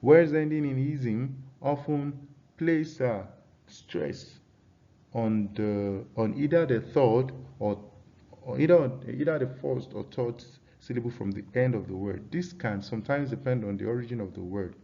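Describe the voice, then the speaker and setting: A man's voice: medium pitch, dark tone. Man teaching English stress rules. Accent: Nigerian English. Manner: reads from slides, drills example words slowly; asks students questions. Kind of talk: classroom lesson. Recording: dull lo-fi sound.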